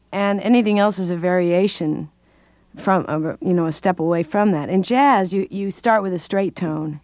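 Older woman, sixties, Californian singer and voice teacher; lowish, dry close sound; patient, explanatory interviewee. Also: a little mellow, no echo. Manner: thoughtful, explanatory, laughs often. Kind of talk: interview conversation.

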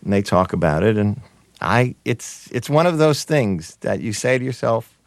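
A man being interviewed as a guest, telling stories in a halting, amused way with many restarts. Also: on the low side, big pitch swings, dry recording. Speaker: guest, TV writer and producer. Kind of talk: conversational interview storytelling.

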